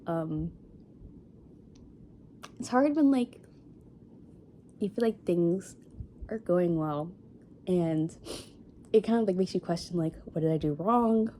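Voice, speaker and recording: A woman's voice: fairly low pitch, lively intonation, takes it slowly, pauses often, warm tone, a little hiss or hum. A young woman in her twenties telling a dating story in a casual vlog, rambling with lots of fillers and sniffling after crying. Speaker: vlogger.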